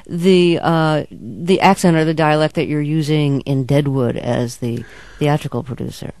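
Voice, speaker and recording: A woman with a lowish voice hosting an interview. She asks her questions haltingly, repeating words, and sounds dry and close to the mic. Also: darkish tone, no echo. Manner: hesitant, repeats words while asking.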